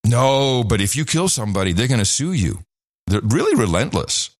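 Animated man co-hosting a talk show. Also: medium pitch, normal speed, no echo, studio quality. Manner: laughs often, animated storytelling. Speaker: podcast co-host. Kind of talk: casual chat.

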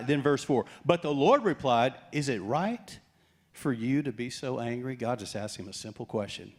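This pastor, speaking at medium pitch and a moderate pace, delivers a sermon full of jokes for the congregation. He brings the story's characters to life by acting out their lines in an animated, playful way.

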